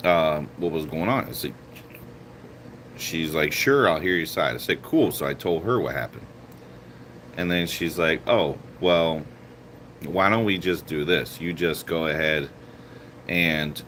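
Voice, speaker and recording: Low-voiced man telling a story. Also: slight background noise. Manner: animated, acts out quoted dialogue with rising pitch. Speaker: vlogger. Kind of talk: casual storytelling vlog.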